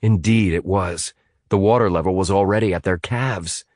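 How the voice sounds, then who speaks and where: A man reading a thriller audiobook in an expressive, dramatic way. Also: low voice, normal speed, dry recording, studio quality. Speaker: audiobook narrator. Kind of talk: scripted audiobook narration.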